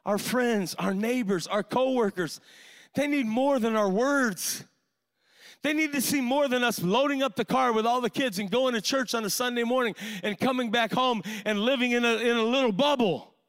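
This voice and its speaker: Male preacher, high bright voice, fiery sermon delivery, keeps saying "man". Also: moderate pace. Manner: impassioned, storytelling with frequent "man" fillers. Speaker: pastor.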